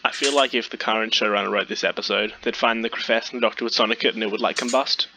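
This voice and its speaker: Casual male host, low and sharp-toned, rambling chat. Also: fairly even intonation, fast talker, low-quality recording. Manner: rambling, many fillers.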